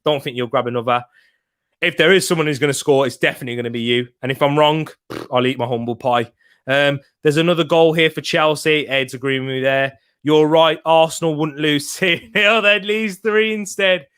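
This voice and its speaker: A man's voice: fairly high pitch, a little fast, fairly bright tone, clean tone. A young man hosting a live football watch-along, chatting casually and answering viewers' comments by name.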